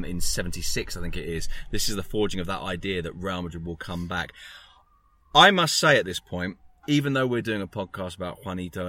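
A man's voice: sits low, sharp tone. A man talking football on a podcast in a discursive way, often restarting his sentences. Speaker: podcast pundit.

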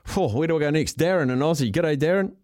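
A man's voice: on the high side, quick pace, a little mellow, no echo, clean studio sound. A man with a New Zealand accent hosting a casual radio call-in show, chatty and upbeat with callers. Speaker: radio host.

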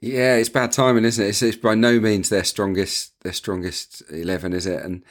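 Man, football pundit, very deep voice, halting, repeats words. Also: level tone. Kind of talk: casual studio punditry.

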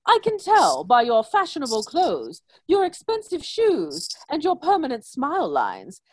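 A woman's voice: high voice, huge pitch swings, measured pace, dry recording, pitched above the performer's own voice, heavily acted. A woman voicing a smug, scheming male quack advisor in a comic story reading, with pompous, creepy sales patter.

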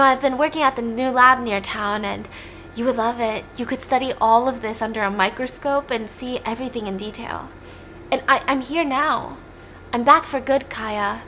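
A woman's voice: fairly high pitch, sharp tone, slight background noise. A woman retelling a film as a heartbroken young man begging forgiveness, earnest and apologetic.

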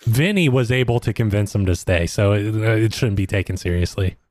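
A man's voice: on the low side, a little fast, a little mellow, no room sound, studio quality. A man co-hosting a podcast, making wry, sarcastic remarks while recapping a reality show. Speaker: podcast co-host.

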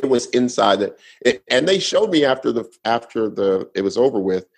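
A man's voice: mid-range voice, sing-song, a little fast, creaky, rough recording. A male comedian guest telling a long story in a laid-back way, acting out the other people in it. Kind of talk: casual storytelling on a podcast.

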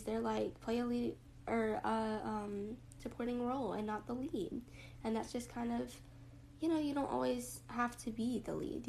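A young woman hosting a casual reflective monologue, rambling with lots of fillers and a rough morning voice. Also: fairly high pitch, a little mellow, a little hiss or hum, poor audio. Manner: rambling, lots of likes and ums. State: morning voice, throat a bit rough.

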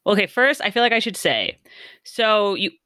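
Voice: medium pitch, very animated, normal speed, sharp tone, smooth, no room sound, studio quality. A podcast host asking interview questions in a chatty, affirming way. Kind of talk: casual interview chat.

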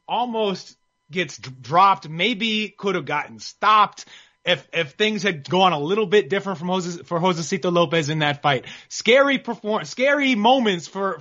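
A man with a high, bright voice chats loosely about boxing, tripping over his own words as he gets excited. The sound is a little dull and lo-fi. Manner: rambling, excitable, many restarts. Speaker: boxing podcast co-host. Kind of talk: casual sports chat. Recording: slightly muffled lo-fi mic.

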